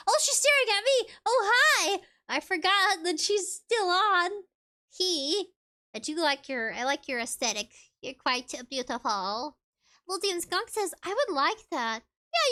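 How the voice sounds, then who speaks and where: A woman streaming from home, reading out her chat and laughing often. Her voice sits high and sounds bright and clear. The talk is loose and friendly, full of little giggles. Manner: bubbly and giggly, with frequent laughs. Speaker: VTuber streamer. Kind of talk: casual livestream chat, reading viewer comments aloud.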